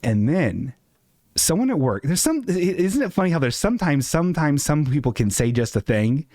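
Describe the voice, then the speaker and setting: Animated man ranting on a live stream. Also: normal speed, no room sound. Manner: animated, self-mocking, jumps into high squeaky voices for quotes. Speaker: streamer host. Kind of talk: casual live-stream rant. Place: apartment.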